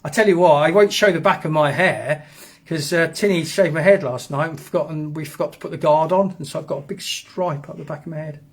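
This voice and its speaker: Chatty host, middle-high voice, rambling live-stream talk. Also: male voice, a little fast, husky. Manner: rambling, chatty, reads out viewer comments. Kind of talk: casual live stream chat.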